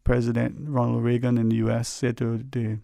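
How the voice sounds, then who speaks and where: A man's voice: medium pitch, level tone, moderate pace, creaky, warm tone, dry recording. A man hosting a radio talk show, rambling and folksy with lots of "you know", earnestly advising listeners from a studio microphone.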